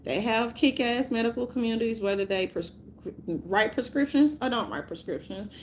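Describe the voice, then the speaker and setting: A woman's voice: a little high, normal speed, slight background noise. A woman ranting casually to her viewers, rambling and profane, often breaking into laughter. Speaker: vlogger.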